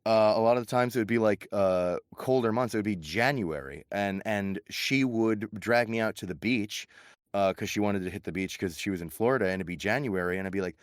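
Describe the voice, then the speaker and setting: Deep smooth guy on a podcast, laughs a lot telling stories, dry close mic. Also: fairly quick, no echo. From United States. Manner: laughing, animated storyteller. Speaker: voice actor guest. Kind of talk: casual podcast chat.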